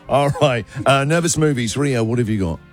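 A man's voice: medium pitch, moderate pace, faint music behind. A man hosting a radio show, trading jokey puns and laughing often. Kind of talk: playful radio banter reading listener puns.

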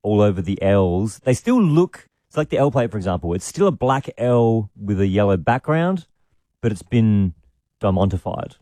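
A man's voice: lowish voice, sing-song, normal speed, warm tone, dry recording, studio quality. A man hosting a radio show, upbeat and teasing as he runs call-ins. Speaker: radio host. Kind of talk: casual breakfast radio banter.

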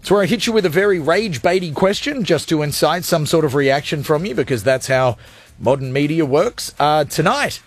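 A male radio host. His voice sits high and swings widely as he rambles through jokes at his own expense. Faint music plays behind him. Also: animated, normal speed, no room sound. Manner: jokey, rambling, self-mocking. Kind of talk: energetic live radio show. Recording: studio with music underneath.

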